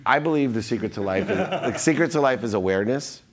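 A man talking as a guest in casual conversation, telling stories with animated quoted exchanges. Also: mid-range voice, fast, a crowd in the background. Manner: animated, acts out quotes, frequent restarts.

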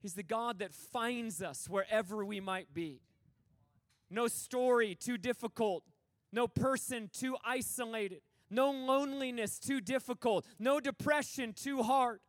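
A man's voice: extremely high pitch, a little slow, no room sound, studio quality. A middle-aged man preaching a passionate, emphatic sermon, acting out the quoted dialogue from the stories he tells. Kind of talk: conference sermon.

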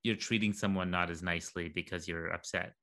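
A man chatting casually and telling animated stories, acting out what others said. His voice is bright and forward, and he swings into quoted dialogue with energy. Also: low voice, a little fast. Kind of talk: casual conversation.

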